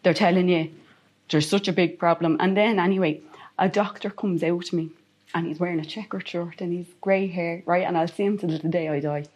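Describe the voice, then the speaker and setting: A woman's voice: on the low side, steady tone, brisk, a little mellow. A woman with an Irish accent, a guest telling a personal story in an interview, repeating phrases for emphasis.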